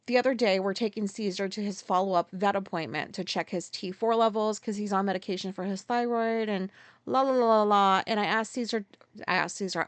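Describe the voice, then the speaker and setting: A woman in her forties tells a story on her solo podcast at a rambling pace and swears freely. She talks close to the mic in a very dry, dead-sounding room, and her voice sits in a middle range. When she reenacts her own rants, she gets loud. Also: medium pitch, dry recording. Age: 40s. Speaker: podcast host.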